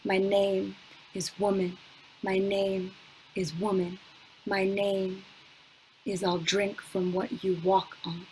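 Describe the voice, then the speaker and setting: A young adult woman reading her own spoken word poetry at a measured pace with long pauses, chatting with fillers between poems, over a computer mic from home. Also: medium pitch, little pitch movement, a little mellow, slight background noise, low-quality recording. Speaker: poet. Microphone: computer mic on a video call.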